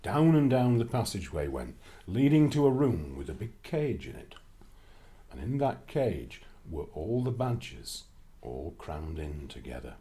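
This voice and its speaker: Man, children's storybook narration, lowish voice, very lively pitch, expressive reading. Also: unhurried.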